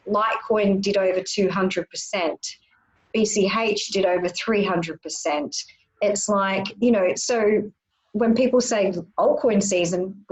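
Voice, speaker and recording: A woman's voice: medium pitch, dull audio. A woman talking casually as a guest trader, chatty, with many fillers and restarts. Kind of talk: casual chat.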